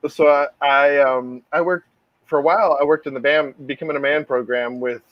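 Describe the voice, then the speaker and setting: Man, middle-aged, podcast co-host, slightly high voice, rambling anecdotes, muffled dry recording. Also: fairly even intonation, normal speed, no echo. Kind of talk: casual storytelling chat.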